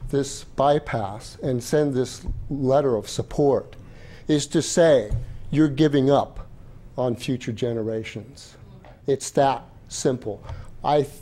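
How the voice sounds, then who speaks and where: Slow, dark-voiced older man. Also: medium pitch. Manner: earnest, emphatic speech. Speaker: public commenter. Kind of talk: public comment at a county board meeting.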